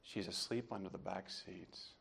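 A man preaching a sermon as a pastor, telling a personal story with strong emotion, dropping to hushed tones and rising to loud outbursts. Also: sits low, steady tone, moderate pace, creaky, slight background noise.

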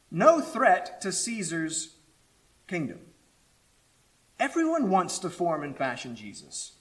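A man preaching a sermon as pastor, emphatic, with dramatic pauses and quiet asides. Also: sits high, low-quality recording.

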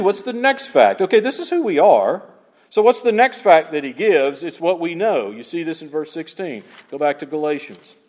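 A man's voice: on the high side, long reverb tail. A man preaching an expository sermon, pressing his points with emphatic repetition and rhetorical questions to the congregation. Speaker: pastor.

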